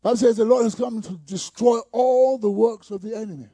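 A man preaching a sermon, calling out to the congregation and building to shouted peaks. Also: extremely high pitch, steady tone, fairly quick, no room sound. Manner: call-and-response preaching with rising shouts. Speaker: pastor.

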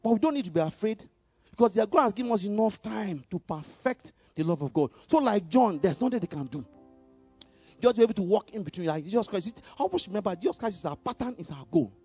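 A man preaching a sermon in call-and-response style, having the congregation repeat lines, shifting between loud exhortation and quiet asides with frequent chuckles. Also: high-pitched, lively intonation, quick pace, breathy edge, soft background music.

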